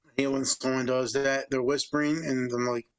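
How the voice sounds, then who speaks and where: A man's voice: mid-range voice, level tone, fairly quick, smooth, poor audio. A man chatting casually on a podcast, telling rambling work stories and quoting himself often. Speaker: podcast co-host, store worker. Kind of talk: casual chat.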